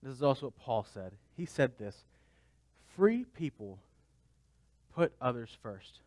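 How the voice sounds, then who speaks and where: A man's voice: medium pitch, very animated, measured pace, darkish tone, no room sound. A man pastor preaching a conversational sermon, asking his listeners rhetorical questions.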